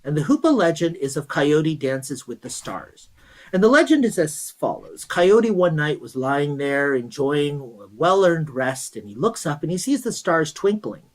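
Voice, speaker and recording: A man's voice: on the high side, poor audio. Man, guest astronomy presenter; chatty, enthusiastic explainer and storyteller. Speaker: guest speaker at an astronomy event.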